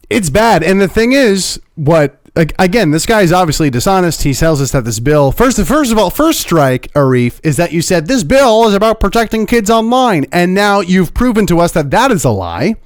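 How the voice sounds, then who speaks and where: A young man with a high-pitched voice hosts his own channel as a political commentator, delivering opinionated video commentary in a sarcastic, mocking tone. The recording is dry and of studio quality.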